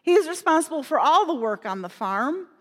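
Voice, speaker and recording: A woman's voice: sits high, sing-song, a little fast. A woman voicing a bitter, resentful older brother. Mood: worried. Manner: bitter, aggrieved. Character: resentful, grieving older brother, a young man. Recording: long hall reverb.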